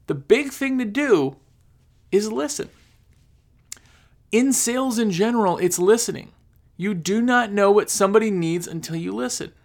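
A man's voice: high voice, moderate pace, pauses often, a little mellow. A man giving casual, rambling business advice, repeating himself and acting out his customers. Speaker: cleaning business coach. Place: recording on his phone.

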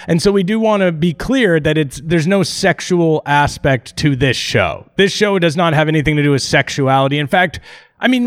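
A man hosting a podcast in casual chat, his voice sitting a little high for a man. He rambles, jokes and swears freely, doubling back on his words as he goes. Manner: rambling, profane, jokey, with restarts. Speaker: podcast host.

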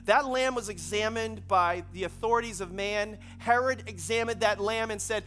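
A man's voice: very high voice, moderate pace, few pauses, sharp tone, faint music behind. A male pastor preaching a conversational sermon, repeating key phrases for emphasis.

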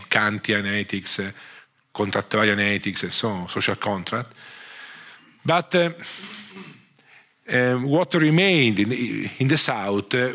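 A man with an Italian accent giving a conference lecture, speaking haltingly with frequent restarts and fillers. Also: sits low, pushed and bright. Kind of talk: conference talk.

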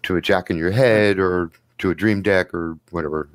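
A man's voice: low-pitched, normal speed, dry recording. A man narrating a tabletop game as game master, describing things in a casual, joking way with some swearing.

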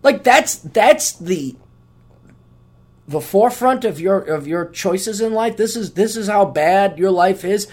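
A man's voice: sits high, moderate pace, few pauses, a little mellow. A man hosting a podcast, rambling profanely and mocking himself in a casual solo monologue. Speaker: podcast host.

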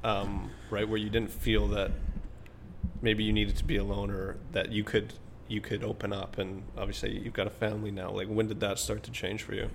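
A man's voice: on the low side, flat delivery, normal speed, creaky, a little hiss or hum. A male interviewer asking probing questions in a casual style and rephrasing them as he goes.

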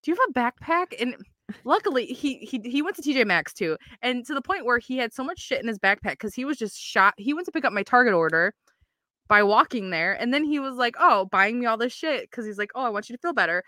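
A woman co-hosting a podcast in easy, casual chat, with a bright, somewhat high voice. She tells stories with energy, acts out what people said, and laughs often. The sound is close and dry. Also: quick pace, dry recording. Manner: animated storyteller, acts out quotes, laughs often. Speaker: podcast co-host.

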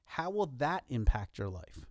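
A man's voice: mid-range voice, big pitch swings, measured pace, no echo, clean studio sound. A man co-hosting a podcast, talking earnestly in a casual motivational way with wry self-deprecating jokes. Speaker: podcast co-host.

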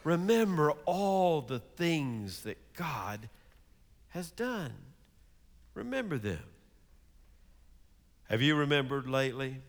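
Storytelling pastor, booming then hushed. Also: male voice, very animated, takes it slowly, long pauses, in a large hall. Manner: storytelling, with big swings between loud and hushed. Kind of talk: sermon.

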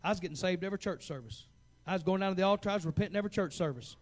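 A man in his forties preaching a fervent sermon as pastor, swinging from hushed asides to loud, urgent calls. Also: high voice, racing. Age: 40s.

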